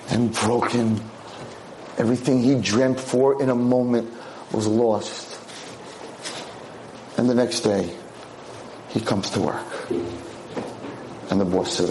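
A man's voice: on the low side, fairly even intonation, slow pace, long pauses, darkish tone, echoey room, slight background noise. A man giving a lecture to a class of girls, telling a dramatic story and acting out its characters.

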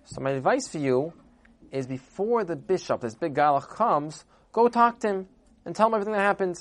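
A man's voice: on the high side, animated, fairly quick, voice pushed up, lightly acted. A man voicing a helpful innkeeper in a told story, giving advice in a confiding way. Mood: advising. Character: helpful, worldly male innkeeper.

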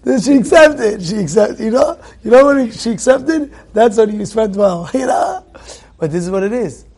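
A man giving a sermon as a rabbi, animated, acting out little dialogues and repeating phrases. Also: sits high, moderate pace, husky. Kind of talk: sermon with storytelling.

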